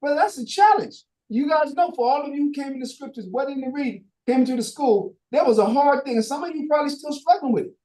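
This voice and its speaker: A man leads a Bible study in an echoey room, preaching loosely in street slang with the odd curse. He keeps quizzing his listeners with rhetorical questions, and his voice has a mellow, darker tone. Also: very high voice, expressive, fast talker, hardly any pauses. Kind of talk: informal preaching Q&A.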